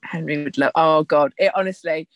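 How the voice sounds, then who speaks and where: Excitable woman podcast co-host. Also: low voice, a little fast, no echo. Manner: excitable, laughs often, gushing. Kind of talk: casual chat.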